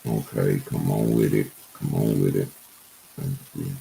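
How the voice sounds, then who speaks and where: Very deep, slow, gravelly-voiced man. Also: fairly even intonation, warm tone, slight background noise, poor audio. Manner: slow, muttering, talking to himself while searching clips. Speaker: podcast host. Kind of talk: casual commentary on a video clip.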